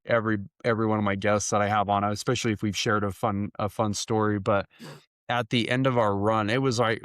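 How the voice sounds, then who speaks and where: A man hosting a podcast in casual interview chat, excitable and laughing a lot as he talks in quick bursts. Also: lowish voice, no echo, studio quality. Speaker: podcast host.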